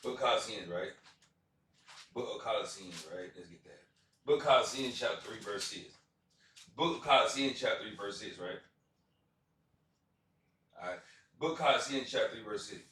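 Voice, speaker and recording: A man's voice: mid-range voice, lively intonation, moderate pace, pauses often, a bit bright. Man, loose rambling street-style preaching, far off in a very echoey room. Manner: rambling, repeats phrases, many fillers. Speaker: informal preacher. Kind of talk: casual street sermon.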